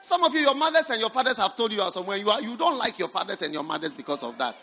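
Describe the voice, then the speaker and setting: A man, a bishop preaching a sermon to a congregation, emphatic, with bursts of shouting, laughter and repeated phrases. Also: high-pitched, very animated, racing. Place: church hall with congregation.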